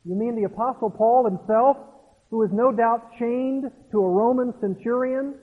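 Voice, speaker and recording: A man with a high, husky voice preaches a sermon, explaining the text with earnest rhetorical questions. The sound is thin and phone-like, with a long reverb trailing off the hall. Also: normal speed. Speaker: pastor.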